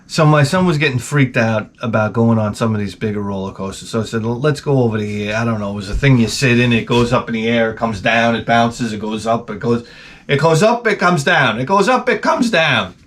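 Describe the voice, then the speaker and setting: A man's voice: mid-range voice, quick pace, few pauses. A hungover man hosting a video, telling rambling comic stories full of swearing and sound effects. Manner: profane, animated storytelling with sound effects. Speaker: video host.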